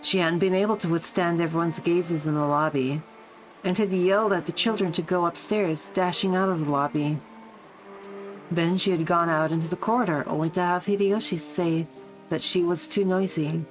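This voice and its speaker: Young woman streamer, visual novel read-aloud with profane asides, slightly low voice. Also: fairly even intonation, normal speed, rough recording. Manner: swearing, laughing asides. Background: background music and rain.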